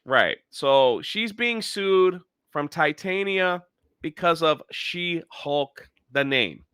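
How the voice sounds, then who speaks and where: A man's voice: a little high, animated, slow, fairly bright tone, clean tone, no room sound, studio quality. A man hosting a casual review chat, dismissive and critical as he recaps the plot. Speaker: show host.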